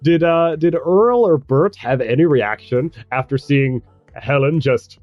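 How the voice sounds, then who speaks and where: A man narrating a tabletop role-playing game as game master, chatty and halting, often laughing as he goes. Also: on the high side, expressive, no echo, muffled recording, faint music behind.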